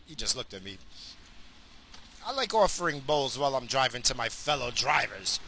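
A man's voice: medium pitch, animated, brisk, gravelly, background noise. A man driving in his car, ranting in a crude, rambling way and swearing constantly into a phone. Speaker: vlogger. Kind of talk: profane rambling rant while driving.

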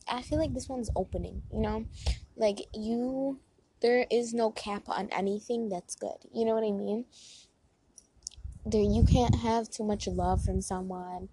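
A woman's voice: medium pitch, background noise. A young woman in a casual, encouraging tone, leading spoken affirmations and repeating each one for listeners, with many fillers like "like" and "you know". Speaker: host.

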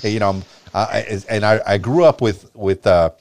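A podcast host from Miami, Florida, conducts a casual interview in a neutral American broadcaster accent, often stammering and restarting. His voice is lowish, gravelly and darkish at a moderate pace, with slight background noise.

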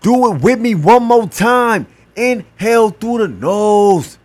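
A man hosting a podcast, giving a slow, encouraging motivational talk and leading a breathing exercise, repeating his words. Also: high voice, animated, darkish tone. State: gasping for air at times. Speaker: podcast host.

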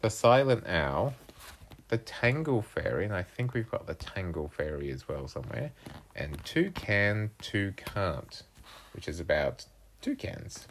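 A woman reading picture books aloud to her young child at home in a playful, animated way. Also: a bass voice, a little slow, a little hiss or hum.

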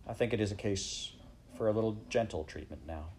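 A man voicing a gentle but authoritative male figure who sounds hopeful and sad, in an audiobook. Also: on the low side, a little fast, slight background noise, close to an everyday voice, low-quality recording. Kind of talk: audiobook character reading.

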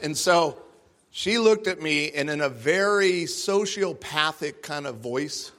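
A man from Texas giving a humorous sermon as guest speaker, acting out quotes with sudden loud bursts. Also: a little high, lively intonation, slow pace.

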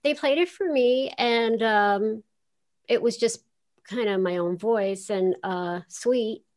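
In a relaxed interview, an older voice actress from Queens, New York tells stories chattily and laughs readily. Her voice is on the high side, with a darkish tone, and she talks slowly.

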